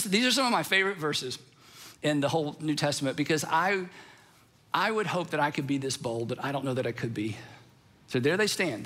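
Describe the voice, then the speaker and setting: A middle-aged man preaching a sermon, telling the story with animated energy and acting out the quotes. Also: on the high side. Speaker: pastor.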